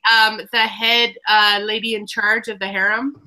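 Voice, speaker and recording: A woman's voice: medium pitch, flat delivery, moderate pace, pushed and bright. A woman in a casual book club chat on a video call, telling long rambling stories with many restarts. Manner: chatty, rambling storyteller with restarts.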